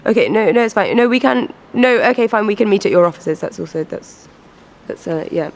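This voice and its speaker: A woman's voice: mid-range voice, animated, a little fast, a little mellow. A woman producer in an improvised mockumentary, flustered and exasperated, often repeating herself.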